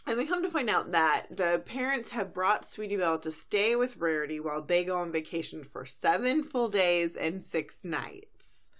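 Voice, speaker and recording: Woman cohost chatting away, lowish voice, lots of ums, recapping a cartoon episode. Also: lively intonation, moderate pace, fairly bright tone. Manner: chatty, fillers, acts out lines. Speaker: podcast co-host. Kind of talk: casual recap chat.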